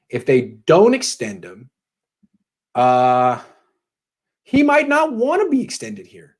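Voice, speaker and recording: A man hosting a live sports Q&A, thinking aloud in a casual, conversational way with sarcastic asides. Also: a little high. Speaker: sports podcast host answering viewer questions.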